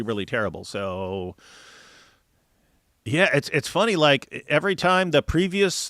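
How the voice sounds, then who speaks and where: A man hosting a casual panel chat, blunt and mocking, reading out viewer comments with animated asides. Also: medium pitch, no echo, clean studio sound. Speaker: show host.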